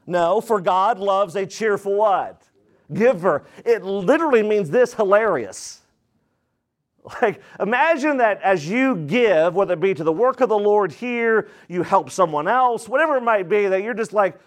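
A man preaching a sermon to his congregation, calling out to them for answers and swinging between low, intoned lines and high, excited ones. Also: normal speed. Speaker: pastor.

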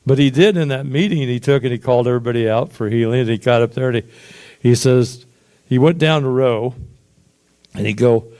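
A man casually retelling his church experiences in a rambling, animated way, acting out quotes and sound effects. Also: mid-range voice, fairly quick. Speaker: storyteller giving testimony. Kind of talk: casual spoken testimony.

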